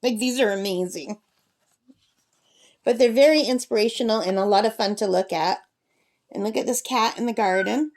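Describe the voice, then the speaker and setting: At a campsite, a woman with a mid-range, slightly mellow voice talks at a normal speed, pausing often. She hosts her own craft channel and chats enthusiastically through a review of an art book, turning now and then to her pet parrot, in a casual book review vlog.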